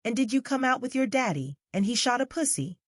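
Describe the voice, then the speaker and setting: A woman narrator voicing a haughty young upper-class lady who is quick-tempered, peremptory one moment and sugary-sweet the next. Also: on the high side, sing-song, no room sound, clean studio sound, pitched above the performer's own voice. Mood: playful.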